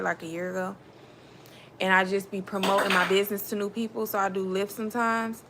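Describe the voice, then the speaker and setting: A woman's voice: mid-range voice, sharp tone, slight background noise. A woman, hosting a casual live stream and chatting directly to her viewers. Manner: chatty, addresses viewers as y'all.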